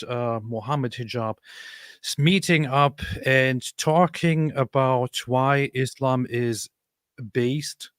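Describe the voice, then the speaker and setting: A man's voice: mid-range voice, no echo, clean studio sound. A man co-hosting a live reaction stream, talking in a sarcastic, mocking way. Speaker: co-host.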